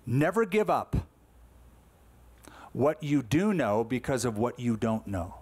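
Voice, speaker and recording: A man's voice: mid-range voice, slow, darkish tone. A man in his sixties, a pastor delivering a conversational, emphatic sermon full of rhetorical questions.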